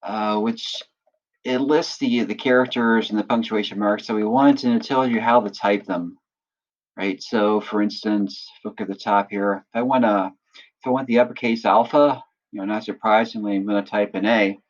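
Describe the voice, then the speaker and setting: A man acting as instructor, patiently walking through a software tutorial and often checking in with listeners. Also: fairly low pitch, steady tone, moderate pace, lo-fi sound. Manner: patient step-by-step explaining, often checks in with "right?". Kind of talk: screen-recorded software tutorial.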